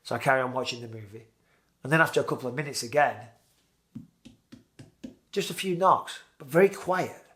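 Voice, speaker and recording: British man, forties, casual storyteller, vivid retelling, mid-pitched voice. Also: brisk, pauses often, a bit bright. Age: 40s. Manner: vivid storytelling, acting out his own past lines. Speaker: guest telling a story. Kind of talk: casual spoken anecdote.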